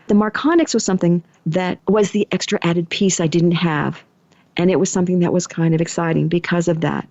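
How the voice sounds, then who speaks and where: A woman's voice: on the low side, a little mellow, no room sound. A middle-aged woman hosting a podcast, telling a personal story in a chatty way and acting out the lines she quotes. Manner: chatty, acts out quoted thoughts and dialogue. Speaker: podcast host and energy healer. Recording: dry, slightly dull podcast mic.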